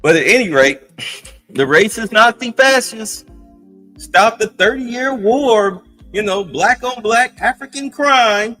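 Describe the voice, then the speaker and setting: A man's voice: high-pitched, pushed and bright. A man hosting a casual live stream, reacting to a clip with heavy sarcasm and mocking hums. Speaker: streamer host.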